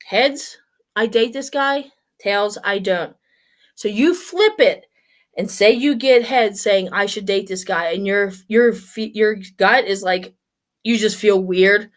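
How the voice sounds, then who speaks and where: A woman in her forties chatting casually and upbeat on her vlog, a bit out of breath, with many restarts and asides. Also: medium pitch. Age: 40s. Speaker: vlogger. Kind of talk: casual solo vlog chat.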